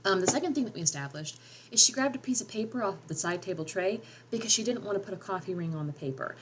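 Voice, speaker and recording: A woman's voice: medium pitch, animated, quick pace, noisy background. A woman with a Southern drawl casually explaining how she edits a short story, thinking aloud with frequent ums. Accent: Southern US, North Georgia Appalachian. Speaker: writer and editing teacher. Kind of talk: casual editing tutorial.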